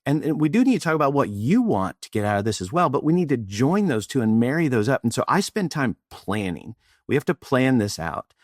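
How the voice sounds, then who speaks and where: A man's voice: medium pitch, brisk, dry recording, studio quality. A middle-aged man from Austin, Texas, a presentation coach telling a story in an interview and acting out bits of dialogue. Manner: animated, acts out dialogue.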